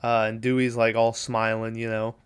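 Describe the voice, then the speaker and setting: A man's voice: mid-range voice, completely flat delivery, moderate pace, clear, resonant tone. A man hosting a movie podcast, casually retelling a film's plot, quoting lines and swearing now and then. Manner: casual, profane, retells scenes with quoted lines. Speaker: podcast host.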